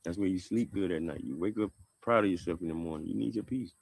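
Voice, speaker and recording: A man's voice: low-pitched, fast, a little hiss or hum. A man talking casually to his viewers, repeating himself in a preachy, drawling way. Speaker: person in a reacted-to livestream clip.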